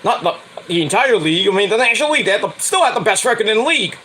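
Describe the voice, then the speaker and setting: A man's voice: very animated, racing, bright, forceful tone, slight background noise, rough recording. A man hosting a podcast, ranting bluntly and profanely about sports fans. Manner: profane, blunt, mocks with high whiny voices. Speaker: podcast host. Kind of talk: casual sports rant.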